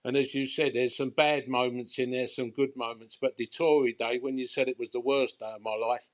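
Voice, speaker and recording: An older man with a broad London accent tells his stories in a rambling, colloquial way. His voice sits at an ordinary pitch. It leaps higher whenever he gets worked up. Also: fairly even intonation, brisk. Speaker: guest bookmaker. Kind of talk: casual storytelling chat.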